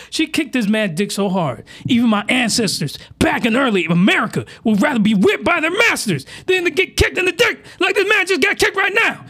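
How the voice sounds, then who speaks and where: A man with a high-pitched voice reacts to an anime episode with excitable, crude commentary. He breaks into shouting outbursts that crack his voice, then drops back to disbelieving mutters. He is recorded close on a desk mic.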